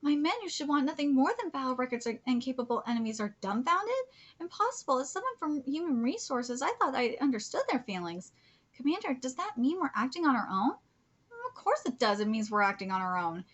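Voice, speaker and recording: A woman's voice: sits high, big pitch swings, brisk, a bit bright, highs cut off, full character voice. A woman reading the lines of a cold, stern young female army commander from a manga, in her own voice. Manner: plain reading of manga dialogue.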